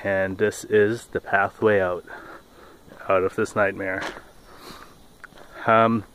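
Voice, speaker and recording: A man's voice: low-pitched, little pitch movement, slow, a bit bright, slight background noise, low-quality recording. A man vlogging casually while walking outdoors on a path, telling rambling, jokey stories.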